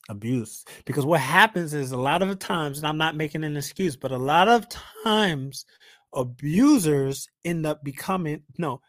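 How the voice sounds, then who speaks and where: Animated young man, high-pitched and dry. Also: no room sound. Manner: animated preaching cadence with rhetorical "right?" and "hello?"; acts out quoted voices, swinging pitch and volume. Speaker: podcast host. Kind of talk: solo talk-show monologue.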